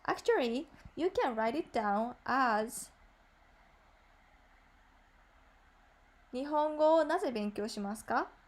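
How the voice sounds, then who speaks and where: A woman's voice: high voice, expressive, slow pace, pauses often. A woman with a Japanese accent, a native Japanese speaker, teaching a beginner Japanese lesson in English. She explains patiently with many fillers and repeats example sentences. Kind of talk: online language lesson.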